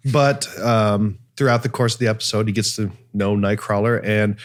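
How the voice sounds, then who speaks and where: A man's voice: on the low side, fairly even intonation, moderate pace. A man co-hosting a podcast in a casual chat, cracking playful jokes. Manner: joking, playful asides. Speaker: podcast co-host.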